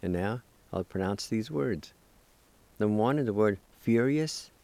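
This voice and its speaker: A man's voice: on the low side, lively intonation, measured pace, vocal fry, warm tone, no echo. A man teaching a recorded pronunciation lesson, spelling and sounding out words syllable by syllable, with a few encouraging words. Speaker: language teacher.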